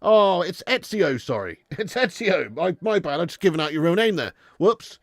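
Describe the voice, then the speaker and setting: A chatty man with a fairly high voice hosting a live football stream. He reads out donations and banters with his viewers, laughing often. The sound is dry and close, with no room echo. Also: big pitch swings, normal speed.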